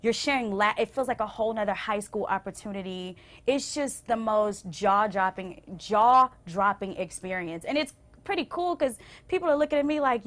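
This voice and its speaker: A young adult woman singer telling stories as a TV interview guest, acting out quotes with big swings and going hushed when moved. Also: moderate pace, hardly any pauses. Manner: expressive, acts out quotes with big pitch swings. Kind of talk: animated storytelling in a TV interview. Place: TV station interview.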